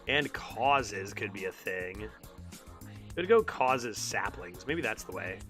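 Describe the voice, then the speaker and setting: A young male game streamer with a lively, bouncing delivery and a bright, forceful tone. He rambles casually through his commentary and often repeats words mid-thought. Faint music plays behind him. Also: fairly low pitch, slow.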